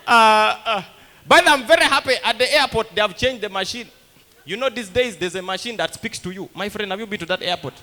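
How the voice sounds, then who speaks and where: Guy doing standup, high bright voice, acts out everyone in his stories. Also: fairly quick, a little hiss or hum. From Uganda. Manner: animated storytelling that acts out other people's lines. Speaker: stand-up comedian. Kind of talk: stand-up comedy set.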